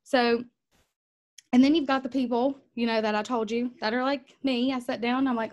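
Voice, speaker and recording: A woman leading a team call, talking casually and acting out inner thoughts with lively bursts. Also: normal speed. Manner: animated, chatty, acts out inner voices in a higher pitch. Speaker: team leader. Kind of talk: team call coaching talk. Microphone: video call.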